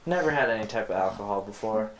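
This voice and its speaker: A man's voice: lowish voice, lively intonation, quick pace. A young man, a podcast guest, telling a rambling, profane story in casual chat and laughing easily. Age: young adult. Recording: roomy echo.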